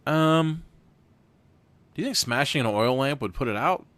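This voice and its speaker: Lively, chatty man reading aloud. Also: mid-range voice, normal speed, pauses often. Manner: chatty, laughs often, swears casually. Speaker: host and narrator of a gamebook played live with chat votes. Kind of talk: casual live-stream reading.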